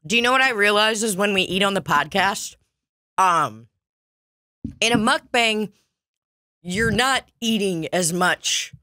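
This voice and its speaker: A woman's voice: medium pitch, expressive, measured pace, pauses often, pushed and bright, no echo, clean studio sound. A young woman hosting a podcast, chatting casually in a rambling, profane and jokey way. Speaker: podcast host. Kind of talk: casual chat.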